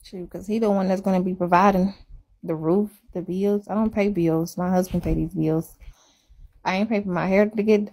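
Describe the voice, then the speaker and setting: A woman's voice: on the low side, fairly even intonation, normal speed, dark tone, breathy edge. Woman rambling in casual livestream talk. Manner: rambling, self-deprecating, repetitive.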